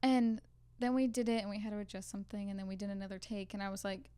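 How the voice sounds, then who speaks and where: Chatty young woman, smooth clear voice. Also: medium pitch, fairly even intonation, fast, warm tone, no room sound. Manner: chatty storyteller, many "like" fillers. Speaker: podcast co-host. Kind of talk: casual chat.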